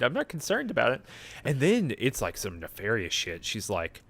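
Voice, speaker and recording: A young man co-hosting a podcast, chatting casually and sleepily through a game recap. His mid-pitched voice rises and falls a lot, and he keeps restarting sentences with amusement. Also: wildly swooping pitch, a little fast, gravelly, a bit bright. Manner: rambling, self-interrupting, amused. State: sleepy, yawning. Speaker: podcast co-host.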